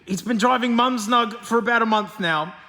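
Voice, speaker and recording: An Australian man hosting a car vlog, chatting excitedly with plenty of slang and frequent laughter as he works in a garage. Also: very high-pitched, normal speed, in a large hall. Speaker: car vlogger host. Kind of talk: casual commentary over car work and testing.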